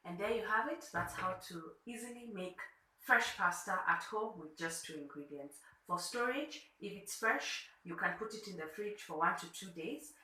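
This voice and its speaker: A woman from Kenya with a Kenyan accent, a food blogger calmly walking through a cooking tutorial step by step in her home kitchen. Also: medium pitch, echoey room, rough recording. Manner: unhurried, demonstrating step by step.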